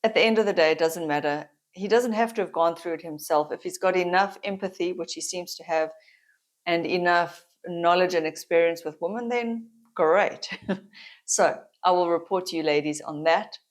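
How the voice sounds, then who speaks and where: A woman's voice: on the low side, moderate pace. A middle-aged woman with a South African accent, chatting candidly to camera as a vlogger and laughing often. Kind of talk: casual chat to camera.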